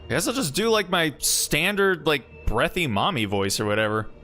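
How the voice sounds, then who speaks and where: A man streaming a game, reacting in a playful, animated, jokey way. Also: on the high side, normal speed, soft background music. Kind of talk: casual game commentary.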